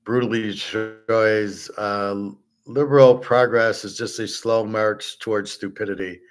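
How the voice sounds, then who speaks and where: A man's voice: fairly low pitch, fairly even intonation, unhurried. A man hosting his own show, giving a blunt, rambling commentary monologue with frequent swearing and filler words. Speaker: host.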